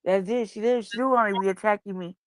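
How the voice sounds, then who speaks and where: Profane, animated woman chatting casually. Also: mid-range voice, quick pace, dry recording. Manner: animated, swearing freely, cooing baby talk at her cat.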